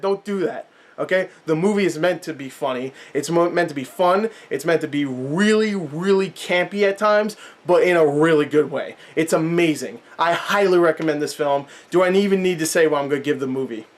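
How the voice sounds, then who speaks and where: A man with a fairly high voice reviews a film straight to camera in a casual way. He talks emphatically, pleading with the viewer again and again, and his voice sounds a little hoarse and worn. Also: normal speed. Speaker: movie reviewer.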